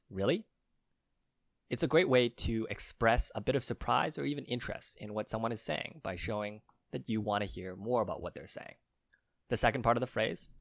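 A man co-hosting a Mandarin lesson, slowly explaining words and spelling out their tones. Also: fairly low pitch, creaky, fairly bright tone, no room sound, studio quality. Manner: slow, careful spelling out of tones. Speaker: co-host teaching Mandarin.

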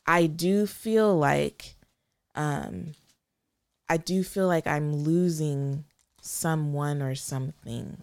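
A young adult woman co-hosts a casual marriage podcast, speaking emotionally and hesitantly as if close to tears. Her deep voice is gravelly and a little mellow, with no room sound.

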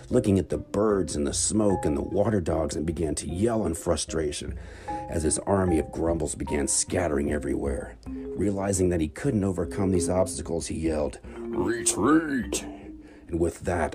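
A man narrating a children's bedtime adventure story in an expressive, dramatic read-aloud manner. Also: deep voice.

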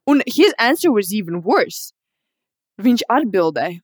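Casting note: young woman, casual chat, mixing Latvian and English, middle pitch, dry close sound. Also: sing-song, unhurried, dry recording. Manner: mixes Latvian and English, swears, laughs often.

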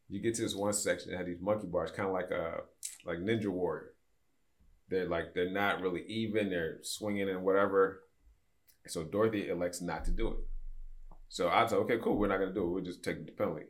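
Deep-voiced man telling a story. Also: fast talker. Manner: animated storyteller, acts out quoted voices. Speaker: podcast guest. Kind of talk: casual storytelling.

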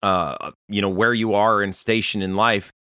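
A man's voice: fairly low pitch, fairly even intonation, normal speed, sharp tone, clean tone, dry recording, clean studio sound. A man, a pastor, preaching a sermon in a conversational, storytelling way. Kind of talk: sermon to listeners.

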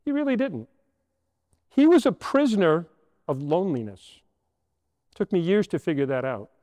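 High, lively older man giving a homily. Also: normal speed, no room sound, in a large hall. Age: 60s. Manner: storytelling, asks rhetorical questions. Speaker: priest. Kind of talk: homily to children. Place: church.

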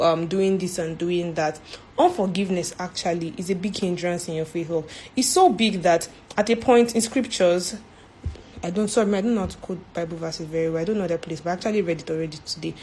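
A woman's voice: lowish voice, dark tone, slight background noise. A woman giving an informal faith talk as a church speaker, earnest, repeating herself and ending points with "right?".

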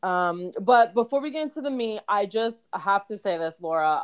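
A woman's voice: medium pitch, normal speed, hardly any pauses, clear, resonant tone. A young adult woman co-hosting a podcast, chatting casually and gushing, with casual swearing. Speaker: podcast co-host. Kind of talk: casual chat.

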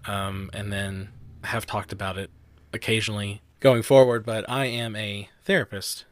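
A young man, co-hosting a podcast and telling stories in a chatty, animated way. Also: on the low side, dry recording. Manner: chatty storyteller, animated quotes, frequent "like". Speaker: podcast host. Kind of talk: casual chat.

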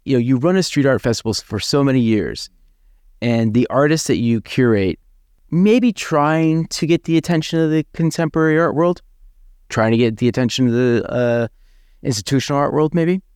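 A man's voice: mid-range voice, expressive, normal speed, darkish tone, clean tone, no room sound, studio quality. A man hosting a podcast interview, asking long rambling questions full of "I mean" and "like". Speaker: podcast host.

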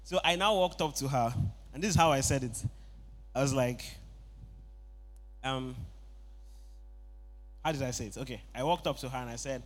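A young man preaching a sermon, asking the congregation for answers and building up to loud shouted passages. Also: mid-range voice, normal speed, pauses often. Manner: call-and-response, rising to shouts.

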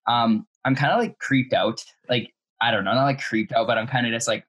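A man's voice: medium pitch, steady tone, fairly quick, fairly bright tone, breathy edge. A young man who is a guest on a podcast, telling a story in a casual, hesitant way with many fillers.

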